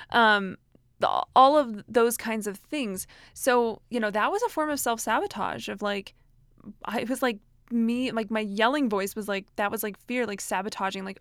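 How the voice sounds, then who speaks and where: A woman's voice: fairly high pitch, normal speed, no echo, studio quality. A woman in her thirties giving casual self-help advice, chatty and full of fillers and restarts. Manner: chatty, many fillers and restarts, frequent laughs.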